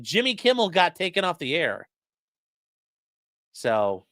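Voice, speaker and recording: A man's voice: a little high, big pitch swings, measured pace, long pauses, a bit bright, clean tone, no echo. A man commentating on news in a casual live stream, crude and mocking, reading chat messages aloud.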